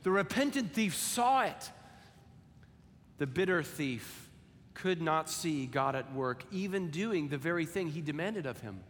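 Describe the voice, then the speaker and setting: Slow solemn male preacher in a hall. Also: a little high, animated, a little hiss or hum. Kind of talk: sermon with scripture reading. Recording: long hall reverb, faint ambience.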